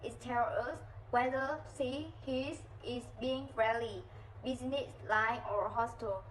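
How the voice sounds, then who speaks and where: A woman student reads a class presentation, now and then cutting off mid-word. Her voice is fairly high and sounds far from the mic. Faint background noise runs under it. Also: fairly even intonation, a little slow. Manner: reads with broken-off words.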